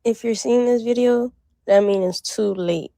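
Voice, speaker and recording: A young woman from the North Miami area talking in a casual shopping vlog, excitable and slangy as she rambles through a list. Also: a little high, moderate pace, gravelly, no room sound. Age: young adult. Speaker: vlogger.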